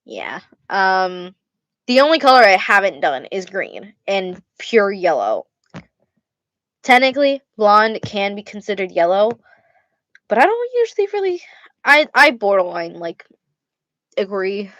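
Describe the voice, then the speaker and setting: A young woman runs through fan questions in a loose vlog chat, blunt and quick to laugh, with plenty of swearing. Her voice sits at a middling pitch. It is recorded close and dry, with no room sound. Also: sing-song, a bit bright, no room sound, lo-fi sound. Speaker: vlogger answering fan questions. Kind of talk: casual Q&A vlog.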